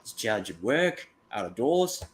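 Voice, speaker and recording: A voice chat participant putting on a put-on Australian accent to imitate a dry, grim sniper man, talking in a slow, low drawl. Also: big pitch swings, slight background noise, close to an everyday voice. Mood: deadpan.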